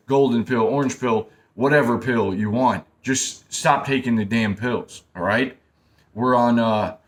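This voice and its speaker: A man's voice: medium pitch, a bit bright. Young male talker, casual and blunt, preachy, repeats points, mid-range voice. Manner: blunt, preachy, repeats himself, calls listener man and bro. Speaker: self-help talker. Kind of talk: casual direct-to-camera advice talk.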